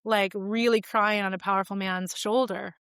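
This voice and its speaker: A woman's voice: mid-range voice, fairly even intonation, normal speed, fairly bright tone, smooth, no echo, clean studio sound. A woman in her forties, a podcast guest telling personal stories in a candid, reflective, conversational way with frequent fillers.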